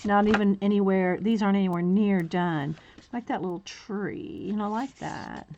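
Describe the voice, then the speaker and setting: A woman's voice: medium pitch, moderate pace, mellow, dull audio, a little hiss or hum. A woman hosting a crafting livestream, chatting casually and greeting viewers by name while she cuts and sorts art cards. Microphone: camera mic set low on the desk.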